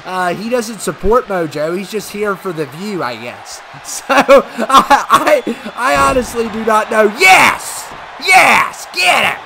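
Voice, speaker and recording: A man commentating a wrestling video game play by play, excitable and given to shouting and cheering at the big moments. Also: sits high, measured pace, gravelly, hardly any pauses. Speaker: gaming channel host. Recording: loud game crowd and noise behind.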